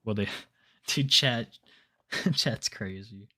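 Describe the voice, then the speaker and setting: A man's voice: lowish voice, very slow, pushed and bright, dry recording, studio quality. A man co-hosting a casual podcast chat, laid-back and sarcastic. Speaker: podcast co-host.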